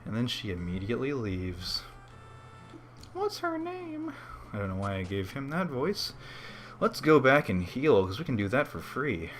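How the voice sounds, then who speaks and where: A man's voice: on the low side, expressive, normal speed, soft background music. A man giving laid-back, slangy commentary while playing a video game and chatting to his viewers. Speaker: let's play host. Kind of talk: casual gaming commentary.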